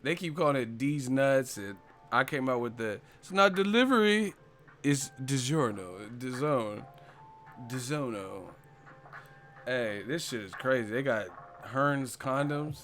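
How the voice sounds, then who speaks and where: With a mid-range, fairly bright voice, a man hosts a boxing live stream in a loose, profane manner. He's giggly and keeps breaking into laughter as he talks.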